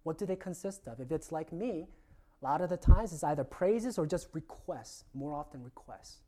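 Delivering a sermon at normal speed, this male pastor sounds earnest and reflective, his fairly high, mellow, warm voice animated. Emphasis lifts his voice before it drops to a soft, almost whispered hush at the close of phrases.

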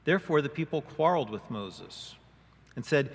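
A male pastor preaching a sermon, expressive, often acting out quoted voices with rising emphasis. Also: mid-range voice, moderate pace, slightly rough. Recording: long hall reverb.

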